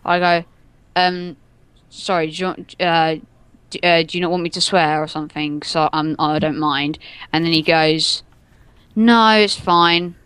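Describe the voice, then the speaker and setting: A young man telling a story on a gaming podcast, acting out quotes with loud yelps and laughs. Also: on the high side, completely flat delivery, normal speed, clean tone, no room sound. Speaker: podcast co-host. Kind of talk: casual storytelling chat.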